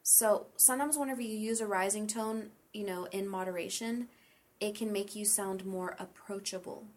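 A woman explains English speech patterns in a loose, conversational way. Her voice sits at a middle pitch, and she works through example after example. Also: normal speed, darkish tone. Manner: explains with many examples and light laughter. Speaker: English pronunciation teacher. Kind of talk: casual teaching chat.

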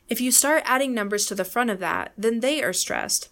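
A woman with an American accent co-hosting an English-learning podcast, reading a scripted pronunciation lesson and saying example words slowly and repeatedly. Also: a little high, expressive, a bit bright. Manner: clear, deliberate, demonstrates words by repeating them slowly. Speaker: podcast co-host, English teacher.

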